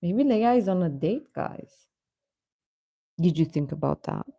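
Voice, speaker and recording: Young woman hosting a fan livestream, slow-talking, laughs a lot, dry close mic. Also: on the low side, animated, vocal fry, dark tone, husky, dry recording, highs cut off. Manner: chatty, laughing often, exasperated rants. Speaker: livestream host reading chat. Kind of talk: casual chat.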